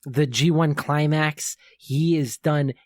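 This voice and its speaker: A man's voice: fairly high pitch, fairly even intonation, slow, no echo, clean studio sound. A young man hosting a podcast, giving an enthusiastic fan's countdown commentary that rambles with fillers and self-corrections. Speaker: podcast host.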